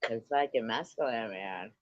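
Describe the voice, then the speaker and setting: A woman's voice: a bass voice, moderate pace, no echo, highs cut off. A woman hosting a livestream, telling stories in a casual, profane way and laughing often. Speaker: livestream host. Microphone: computer mic on a streaming call.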